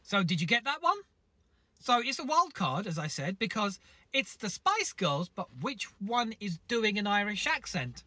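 Host, deadpan patter; bright, lively, dry close mic. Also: medium pitch, normal speed, dry recording. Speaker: podcast host. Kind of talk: comic podcast quiz links.

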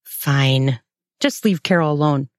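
A cornered priest gives short, clipped answers, read by a woman in her own voice. The tone is lowish and slow, recorded dry and close. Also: no echo. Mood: grudging. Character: cornered middle-aged priest, man. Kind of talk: read-aloud erotic story.

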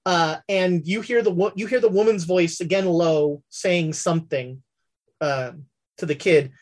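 A woman narrating a tabletop western role-play as game master, halting and full of fillers. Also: on the low side, darkish tone.

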